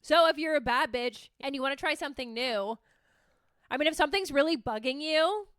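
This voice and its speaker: A young woman hosting a podcast alone, talking in a rambling, animated, self-mocking way with plenty of swearing. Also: sits high, brisk, no room sound, clean studio sound. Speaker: podcast host. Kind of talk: casual solo chat.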